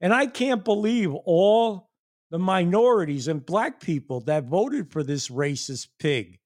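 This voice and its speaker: Cursing at every turn, a man rants about politics to his stream audience and keeps bursting into incredulous laughter. He talks in a slow, heavy way, his high voice leaping about with lively intonation.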